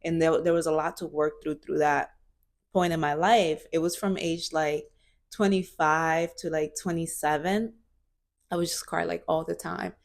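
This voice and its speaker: A woman in her twenties shares her thoughts in an earnest, searching way, often pausing on "like" and restarting her sentences. Her voice sits on the low side for a woman. She speaks as a personal vlogger talking straight to her viewers. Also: steady tone, creaky. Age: 20s. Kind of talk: reflective personal vlog.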